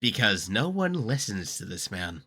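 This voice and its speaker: A man talks through a reaction video in loose, rambling asides, cursing and laughing as he goes. His voice is sharp and bright, and his pitch swings up and down a lot. The talk is casual and unscripted. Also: a little slow, husky. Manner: rambling, excitable, swears freely and laughs often.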